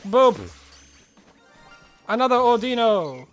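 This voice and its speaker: A high-pitched man chats casually on a live stream while playing a game, rambling and exclaiming to himself. His voice swings widely up and down, yet he talks at an unhurried pace. Faint game music plays behind him. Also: lively intonation, fairly bright tone.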